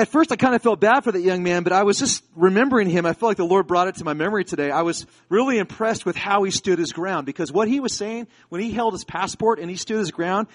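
An American pastor in his forties, with a slightly high voice, preaches a sermon. He opens by telling stories in a chatty manner before building into fervent, emphatic preaching.

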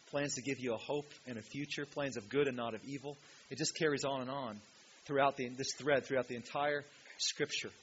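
A male pastor preaching a sermon in a church, emphatic, swinging from loud, ringing peaks to quiet asides. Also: on the high side. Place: church hall with a projection screen. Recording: dull lo-fi sound with faint hiss.

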